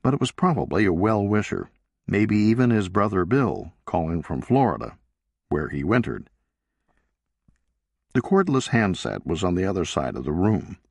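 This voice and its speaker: A man reading a novel aloud as an audiobook narrator, in a measured, deliberate way. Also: deep voice, sing-song, vocal fry, a little mellow, husky, no echo. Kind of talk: scripted narration.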